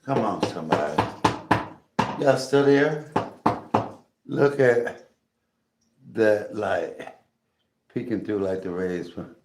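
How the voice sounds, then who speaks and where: A man's voice: fairly low pitch, animated, slow, pauses often, echoey room, very noisy. A man cooking in his home kitchen for a casual vlog, chatting and calling out to his viewers as he seasons his food. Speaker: cooking vlogger.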